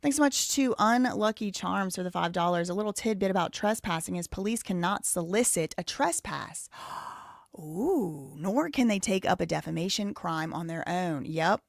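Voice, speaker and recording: A woman's voice: fairly low pitch, lively intonation, normal speed, creaky, dry recording. Southern American woman, live-stream host, casual chatter, dry close sound. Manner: chatty, thinks aloud, reads viewer messages. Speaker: live show host reading donations.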